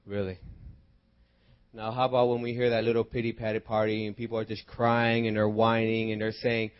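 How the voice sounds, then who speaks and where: A man preaching a sermon, moving from quiet teaching into loud, impassioned prayer and exhortation. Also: lowish voice, level tone, fairly quick, dull audio. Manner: breaks into spoken prayer.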